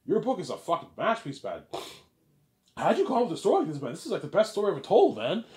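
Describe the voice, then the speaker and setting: A man voicing an awestruck male fan who gushes with profane praise in a raised, louder voice. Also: huge pitch swings, quick pace, reverberant. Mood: gushing. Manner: gushing, profane, higher and louder.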